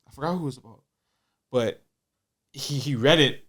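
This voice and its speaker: A man's voice: mid-range voice, normal speed, fairly bright tone. A man co-hosting a parenting podcast, talking in a rambling, casual way about his son. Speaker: podcast co-host, father. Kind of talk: casual chat.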